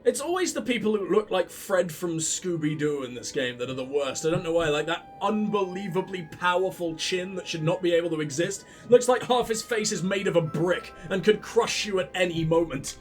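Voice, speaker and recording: A man's voice: sits high, animated, fairly quick, hardly any pauses, soft background music. A man commentating a video game playthrough, sarcastic and profane, mocking the characters on screen. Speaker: let's play host. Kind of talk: gaming commentary.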